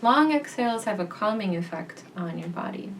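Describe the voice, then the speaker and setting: A young woman guiding a gentle voice practice in a soft, calm, reassuring way. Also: medium pitch, normal speed, recorded from a distance, background noise. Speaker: voice teacher.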